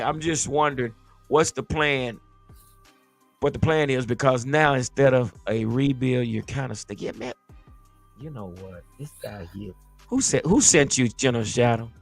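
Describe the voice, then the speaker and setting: A man's voice: medium pitch, moderate pace, faint music behind. A man hosting a casual sports podcast as a former player, ranting in a heated, emphatic, fired-up way.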